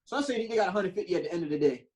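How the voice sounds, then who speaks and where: A young man talks on a casual podcast, animated and slangy, leaning into his stories with plenty of cursing. His voice sits a little high for a man. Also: rapid-fire, rough recording. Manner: animated storytelling with slang and profanity. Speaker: podcast co-host. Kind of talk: casual chat.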